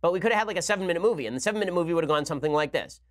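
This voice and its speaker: A man hosting a podcast, delivering a rapid, sarcastic solo commentary rant into a studio microphone. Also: on the high side, expressive. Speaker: podcast host.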